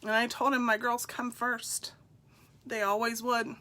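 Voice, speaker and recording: A middle-aged woman, congested, sharing a personal story on a live stream in a slow, heartfelt, confiding way and greeting viewers by name. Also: fairly high pitch, little pitch movement, pushed and bright.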